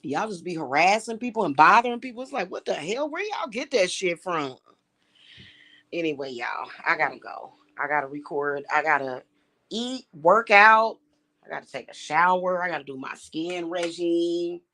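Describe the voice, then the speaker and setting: A woman, ranting to camera in a casual vlog, blunt and animated, with profane slang. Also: on the low side, moderate pace. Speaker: vlogger.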